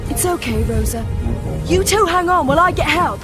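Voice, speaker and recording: Very high, bright cartoon carer; urgent yet soothing, music under. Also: female voice, animated, moderate pace. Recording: music behind a TV clip.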